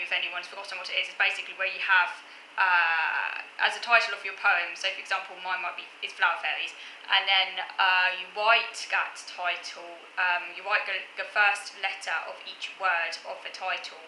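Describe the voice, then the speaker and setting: A woman with a bright, clear voice talks casually about poetry and reads her own verse. She hesitates often, with ums and restarts. The recording sounds roomy, with a faint hiss underneath. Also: fairly low pitch. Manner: hesitant, many fillers and restarts, self-deprecating. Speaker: poetry channel host. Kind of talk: casual talk and poetry reading.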